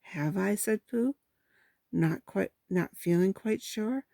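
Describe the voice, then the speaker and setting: A woman reading a children's storybook aloud in a steady, gentle way, with small slips. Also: medium pitch, takes it slowly, creaky, no room sound.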